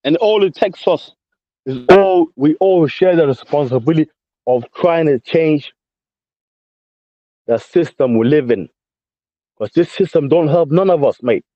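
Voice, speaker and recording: A man with a London accent rants into a voice chat and keeps circling back to the same points. His voice sits a little high, and he throws mate and bro into nearly every line. The sound is dry and dull, like a lo-fi chat line. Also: a little slow, long pauses, no room sound. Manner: combative, repetitive, peppers speech with mate and bro. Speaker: caller in a voice chat. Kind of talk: ranting casual chat.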